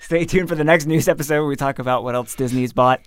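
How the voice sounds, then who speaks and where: A man's voice: medium pitch, fast talker, clean tone. A man hosting a casual podcast, chatting upbeat with co-hosts and signing off the episode. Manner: upbeat, chatty, signs off the show. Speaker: podcast host.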